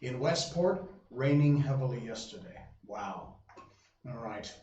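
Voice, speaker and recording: A man's voice: mid-range voice, expressive, measured pace, a little mellow, lo-fi sound. Rambling male stream host, roomy sound. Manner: rambling, lots of fillers and restarts. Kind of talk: casual chat with viewers. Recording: roomy sound, voice from a distance, faint hum.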